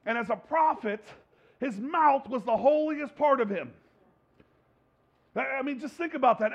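High-voiced man preaching, lo-fi sound. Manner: conversational preaching with joking asides and repeated phrases. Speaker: pastor. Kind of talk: sermon.

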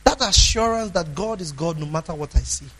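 A man preaching a sermon, emphatic, asking the congregation questions and swinging between loud declarations and hushed asides. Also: a little high, expressive, brisk, poor audio.

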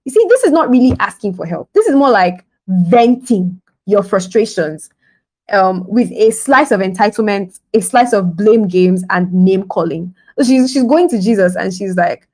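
A woman preaches a devotional podcast sermon in a loose, conversational way. Her voice sits at a middle pitch, and she breaks into laughter and acts out little scenes as she goes. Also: animated, normal speed, a little mellow, poor audio.

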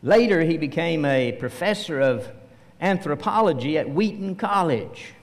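A man preaching a sermon as pastor, telling a story slowly and acting out the voices he quotes. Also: fairly high pitch, expressive. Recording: long reverb of a church hall.

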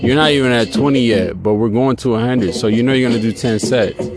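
A man's voice: mid-range voice, brisk. A man hosting a podcast in a casual, profane, rambling monologue. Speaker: podcast host. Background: loud music beat.

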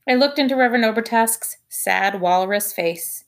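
A woman reading a children's novel aloud, telling the story in an expressive first-person voice. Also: a little high, normal speed, hardly any pauses. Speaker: audiobook reader.

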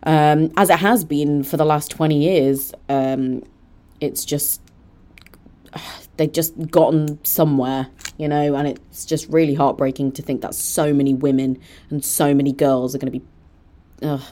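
A woman's voice: deep voice, fairly even intonation, measured pace, dark tone. A young woman hosting her own podcast, talking chattily on her own with gushing asides and self-mocking jokes. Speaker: podcast host. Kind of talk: solo podcast monologue.

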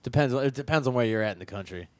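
A young man runs a loose, profane podcast chat, trading jokes with a friend. His voice sits at an ordinary pitch and is recorded close and dry on a studio mic. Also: lively intonation, rapid-fire, no room sound. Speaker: podcast host.

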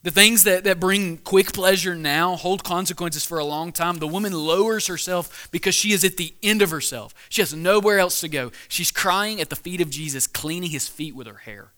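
A man's voice: sits high, moderate pace, few pauses, sharp tone. A young man preaching a weekly sermon in a casual, conversational way, asking the crowd questions and often restarting his sentences. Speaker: pastor.

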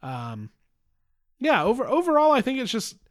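A man co-hosting a podcast in casual chat, often halting and restarting his sentences. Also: very high voice, huge pitch swings. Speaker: podcast co-host.

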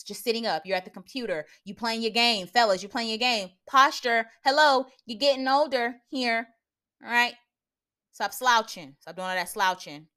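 A young adult woman hosts a podcast, handing out blunt, preachy advice in casual slang, laughing often and asking listeners if they follow. Her voice is mid-range, bright and forceful.

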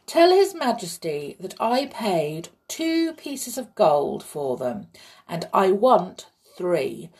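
A woman voicing a clever, cheeky little male flute player who speaks firmly and calmly. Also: lowish voice, slow, exaggerated voice. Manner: firm, calm, teasing.

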